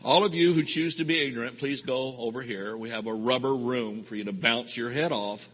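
A man preaching a rambling, folksy sermon with sudden loud outbursts at a live convention. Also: medium pitch, fairly quick, husky. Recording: live hall recording with long reverb.

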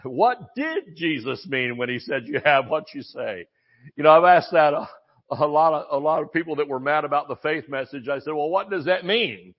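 A man's voice: fairly high pitch, expressive, normal speed, highs cut off. An older man preaching a sermon in a folksy, rambling way, full of asides and restarts.

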